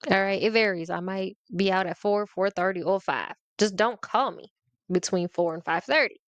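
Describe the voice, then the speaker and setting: The audio is dull with no echo as a medium-pitched woman speaks at normal speed. She's a podcast host delivering a casual, sassy, playful rant directly to her audience, laughing frequently.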